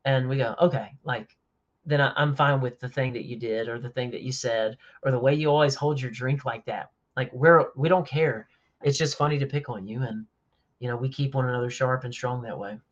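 A man speaking as a podcast guest, telling stories in a lively, jokey way at a middling pitch. The recording sounds a little dull and lo-fi. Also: brisk. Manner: animated storyteller, jokey. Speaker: podcast guest, family coach. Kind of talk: casual chat.

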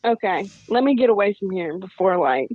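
A woman's voice: mid-range voice, fairly quick, breathy edge, no echo. A woman chatting in an easygoing way, leaning on "like" as she tells her side. Her voice comes through a dry, close mic with a slightly dull, muffled top end. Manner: relaxed, chatty, filler "like" often. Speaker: podcast co-host. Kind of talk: casual chat.

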